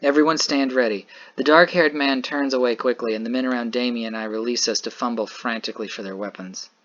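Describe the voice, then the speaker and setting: A man's voice: medium pitch, fairly even intonation, quick pace, a bit bright, muffled recording. A man narrating a dramatic visual novel in the first person, earnest and tense.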